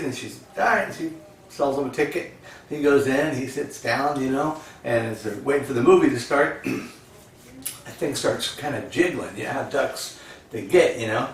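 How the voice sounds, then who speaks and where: A man casually telling old jokes in a rambling, folksy way, full of fillers. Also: mid-range voice. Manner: rambling, folksy, lots of "you know". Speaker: joke teller. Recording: echoey, distant, faint crowd and noise.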